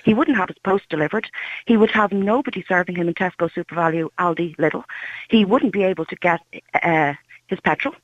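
A woman's voice: lowish voice, fairly quick, no room sound, muffled recording. An Irish woman calling in to a radio phone-in, talking with passion and indignation, blunt about what she thinks. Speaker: caller.

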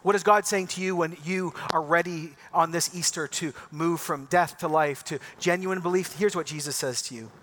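High, bright-voiced preaching man. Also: normal speed, few pauses. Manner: impassioned preaching, softening to a quiet prayer. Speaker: pastor. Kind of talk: sermon.

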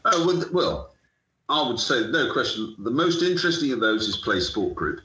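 As an interview guest, a middle-aged British sports entrepreneur tells animated stories, acting out the conversations he recalls. His voice is medium-pitched at a moderate pace, and the recording is dull, lo-fi and echoey.

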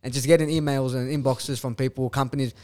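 A young man, a guest influencer, chatting casually on a podcast, swearing freely and telling animated stories. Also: medium pitch, fast. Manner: heavy swearing, animated storytelling.

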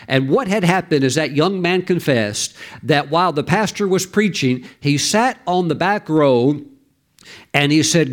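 A man, a pastor, preaching a sermon and telling a story in an animated way, with fillers and restarts, his voice rising at the dramatic moments. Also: on the high side, moderate pace.

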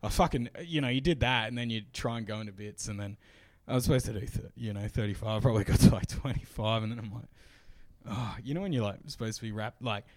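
A man's voice: on the low side, fast, a little mellow, no echo. A young man, a comedian, telling laughing, swearing stories in casual chat. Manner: swearing, laughing anecdotes, acts out voices. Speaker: comedian podcast host.

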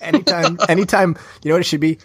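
A man's voice: high-pitched, fast, very noisy. A man hosting a casual podcast, teasing his co-hosts and steering the segments. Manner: teasing, runs the show segments. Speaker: podcast host.

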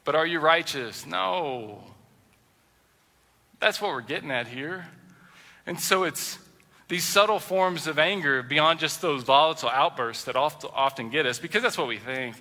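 A male pastor preaching a sermon in a conversational style, acting out everyday quotes with lively shifts in his voice. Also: on the high side, a little slow, big-room sound.

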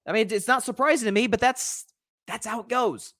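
A man hosting a casual solo sports podcast, talking in an animated, rambling way with many restarts. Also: very high-pitched, a little fast, no room sound, clean studio sound. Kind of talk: casual solo sports commentary reading live comments.

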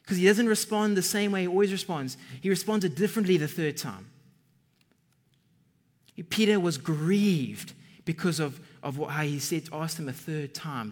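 Brief: earnest male preacher, husky and fairly high voice, long hall reverb. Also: normal speed. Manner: earnest, building to emphatic bursts. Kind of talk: sermon.

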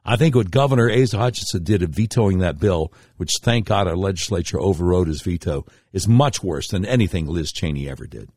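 A middle-aged man with a fairly low voice hosts a radio talk show, delivering a political commentary monologue with indignation, sharp pitch swings and lively intonation. He talks fairly quickly with few pauses, telling his stories emphatically. The recording is dry and close, with no room sound or echo.

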